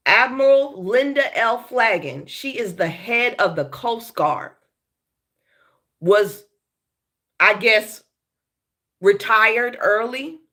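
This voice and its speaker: A woman's voice: fairly high pitch, expressive, slow, long pauses, bright, forceful tone. A woman hosting a casual live stream, blunt and swearing freely, a bit sick and talking with a slight lisp from her braces. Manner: blunt, swearing, greets chat viewers by name. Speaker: live show host.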